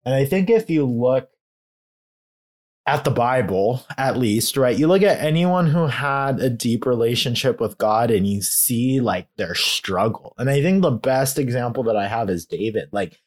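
Earnest young man, halting heartfelt talk. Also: mid-range voice, lively intonation. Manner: halting and heartfelt, full of filler "like"; grows emotional while talking. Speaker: guest. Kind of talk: candid faith conversation.

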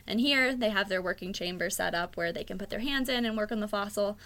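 A woman's voice: medium pitch, fast talker, fairly bright tone. A woman working for a national park, giving earnest, informative interview answers. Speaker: park staff guest.

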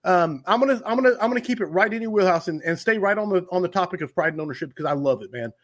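A man's voice: high-pitched, lively intonation, rapid-fire, fairly bright tone. Enthusiastic man hosting a podcast. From Oklahoma. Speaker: podcast host. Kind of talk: casual podcast chat and sponsor read.

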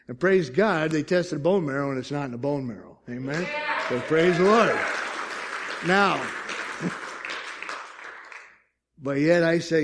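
A middle-aged pastor with a gravelly voice preaches his sermon, rising to loud, urgent bursts and then dropping to hushed, slow lines. He keeps asking the congregation "Amen?" between his points. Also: on the high side, some chatter behind.

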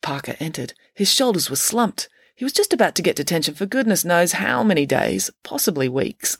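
A woman reading a children's chapter book aloud in an expressive, lively narration. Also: on the low side, brisk, gravelly, slightly rough, no room sound, clean studio sound. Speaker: reader of her own story. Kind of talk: storybook narration.

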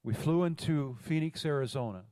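The speaker is a pastor preaching in a large church hall, where long reverb hangs on his voice. He tells a story and calls out for responses from the congregation. His voice is fairly high and mellow, at a moderate pace.

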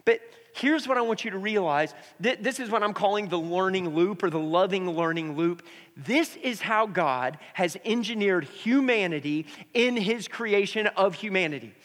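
High-voiced pastor preaching in a hall. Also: male voice, animated, normal speed, a bit bright. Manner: prays then tells a family story. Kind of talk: sermon. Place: church sanctuary with congregation. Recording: reverberant church hall.

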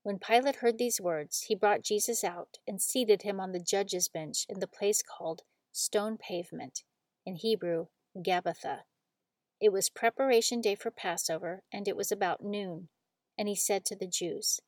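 Female scripture reader, measured and solemn, dry close sound. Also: medium pitch, darkish tone, no echo. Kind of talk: scripture reading.

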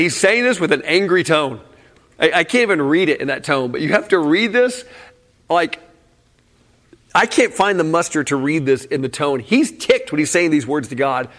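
A man's voice: on the high side, a bit bright. Man preaching a casual sermon. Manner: casual, candid, peppered with "man" and short laughs. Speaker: pastor. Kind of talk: conversational sermon.

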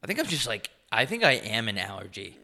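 Congested nasal man, bright-voiced. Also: fairly low pitch, huge pitch swings, quick pace. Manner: rambling, joking, swears freely. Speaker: podcast co-host. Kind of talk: casual chat.

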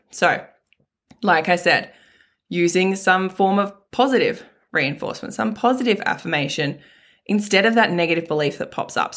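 A woman's voice: fairly low pitch, a bit bright. A woman hosting a motivational self-help talk, speaking frankly and casually with some mild swearing and lots of emphatic repetition. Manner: emphatic, repeats key phrases. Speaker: self-help podcast host.

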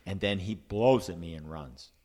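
A man with a very low voice telling a hunting story among friends. He talks in a casual, animated way and acts out the sounds and his own thoughts. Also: normal speed.

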